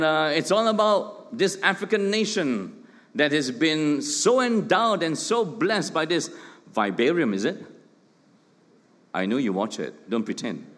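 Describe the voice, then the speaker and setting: Lively pastor preaching in a hall. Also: male voice, sits high. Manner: emphatic preaching with rhetorical questions and joking asides. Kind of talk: sermon. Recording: long hall reverb.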